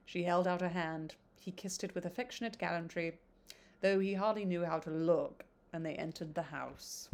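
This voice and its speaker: A woman's voice: on the low side, moderate pace, darkish tone. A woman reading a classic novel aloud as an amateur reader, with stumbles and casual asides.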